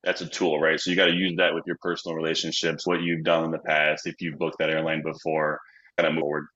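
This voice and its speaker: A man with a very deep, flat voice speaks on a webinar panel in a matter-of-fact way. His tone is bright despite the low pitch. The audio is slightly dull. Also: fast.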